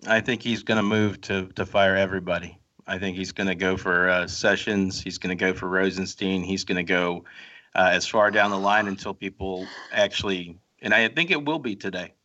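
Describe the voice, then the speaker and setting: A man's voice: sits low, steady tone, moderate pace, pushed and bright. A man with a mixed Midwestern and Southern accent, speaking as a phone-in guest, hesitant with frequent restarts. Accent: mix of Midwestern and Southern. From North Carolina and Ohio. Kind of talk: phone interview. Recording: dull distant phone line.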